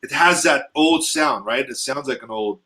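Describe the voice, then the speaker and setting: A man's voice: mid-range voice, moderate pace, over loud music. Rambling, profane man hosting a live stream. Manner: loose, profane, rambling shout-outs. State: stuffy from allergies. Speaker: host. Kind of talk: casual live-stream chat.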